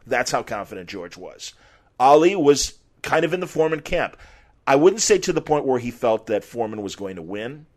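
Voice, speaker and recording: Male podcast host, middle-aged, casual animated storyteller. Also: medium pitch, normal speed. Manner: animated, acts out quotes. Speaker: podcast host and former sports reporter.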